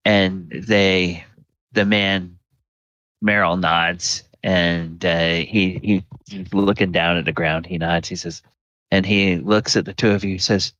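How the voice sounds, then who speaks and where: A man with a low voice runs a tabletop game, narrating the scene slowly and halting over his words. The sound is dry and a bit dull. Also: dry recording. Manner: relaxed, halting, with many fillers. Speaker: game master.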